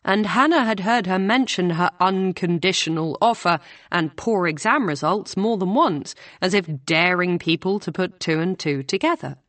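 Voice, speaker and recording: A woman reading a novel aloud as audiobook narrator, in a measured storytelling manner. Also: on the low side, a bit bright, no echo. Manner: measured, voices characters with small shifts. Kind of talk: scripted narration.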